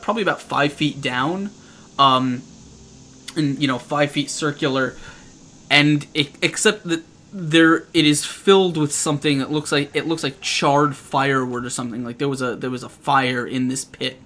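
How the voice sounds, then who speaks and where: A man running a tabletop game as game master, describing scenes in a halting way with frequent restarts. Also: fairly high pitch, fairly even intonation, pushed and bright, slight background noise.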